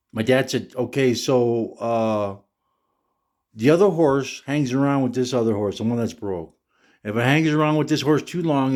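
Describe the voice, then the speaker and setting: A man's voice: medium pitch, darkish tone. An older man from Minnesota telling a story from his youth in a casual, rambling way, full of restarts and fillers, with his voice jumping up when he quotes people. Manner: rambling, with many "you know" and restarts; voice jumps up when quoting others.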